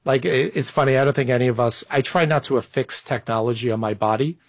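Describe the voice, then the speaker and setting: A man's voice: medium pitch, quick pace, dry recording. A man in his fifties speaking as an interview guest, thoughtful and a little self-deprecating, sometimes restarting his phrases. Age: 50s. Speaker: guest executive. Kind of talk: conversational interview answers.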